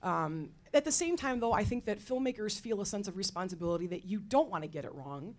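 A woman history teacher holds forth on a faculty panel in an animated, storytelling way. Her voice sits at an ordinary middle pitch, and she keeps a conversational flow full of casual fillers. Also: fairly quick. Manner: lively, expressive storytelling with fillers. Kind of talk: panel talk.

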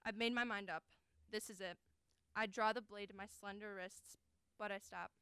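A woman's voice: mid-range voice, steady tone, a bit bright, smooth, no room sound. Young woman doing a dramatic prose reading, earnest and weighty, super clean voice, dead dry sound. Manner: earnest, deliberate, emotionally weighted delivery. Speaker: college forensics team performer.

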